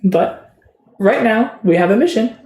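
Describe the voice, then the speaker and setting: A man voicing a calm female raccoon guide with a gentle, soothing manner, in a tabletop role-playing game. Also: high voice, a little slow, pitched above the performer's own voice. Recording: roomy echo.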